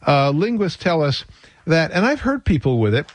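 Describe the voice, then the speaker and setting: A man hosts a radio health talk show as a doctor, talking straight to his listeners. His voice sits a bit high for a man, and the studio sound is dry and close. He keeps slipping in wry, sarcastic asides with quick chuckles. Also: very animated, no room sound.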